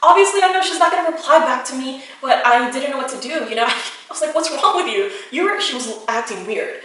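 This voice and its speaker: A woman's voice: sits high, fast talker, a bit bright. A woman vlogger telling a storytime vlog in a chatty way, full of fillers. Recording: echoey room, distant mic, faint music.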